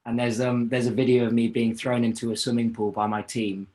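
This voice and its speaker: A man's voice: mid-range voice, level tone, fairly quick, darkish tone. A young adult man from South Africa, a racing driver talking casually as an interview guest, rambling and self-deprecating with many restarts.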